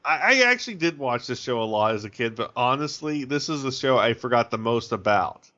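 Guy rambling and cracking jokes on a podcast, mid pitch, kinda dull lo-fi sound. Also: brisk. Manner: joking, rambling, animated. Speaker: podcast co-host. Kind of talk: casual chat.

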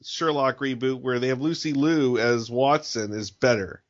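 A man's voice: medium pitch, normal speed. A man co-hosting a casual podcast chat, dry and teasing, stammering a little as he restarts his sentences. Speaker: podcast co-host. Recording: slightly dull lo-fi podcast audio.

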